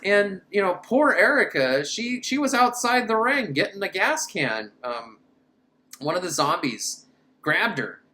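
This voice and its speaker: A woman's voice: mid-range voice, big pitch swings, measured pace, sharp tone. A woman recapping a bad film with sarcastic, incredulous commentary. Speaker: film reviewer. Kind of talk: comedic movie recap.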